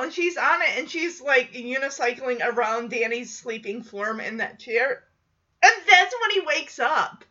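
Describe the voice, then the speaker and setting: Giggly, high-voiced woman recapping a show. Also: a little slow, dull audio. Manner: chatty, giggly, animated retelling. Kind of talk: casual recap chat.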